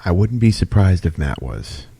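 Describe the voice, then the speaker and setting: A man's voice: low voice, sing-song, moderate pace, creaky, mellow, breathy edge, dry recording. A man co-hosting a paranormal radio show, bantering casually in a joking, self-deprecating and blunt way.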